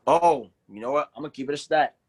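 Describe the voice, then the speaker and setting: Man with a slightly high voice, chatting in slang. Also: fast, darkish tone, slightly rough. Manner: laid-back slang storytelling. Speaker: podcast co-host. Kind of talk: casual chat.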